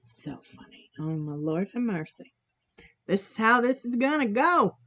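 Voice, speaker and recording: A slightly high, very animated woman's voice with a somewhat bright tone and an unhurried pace. She hosts a charity live stream, chatting casually and giggling at viewers' comments as she paints and reads the chat.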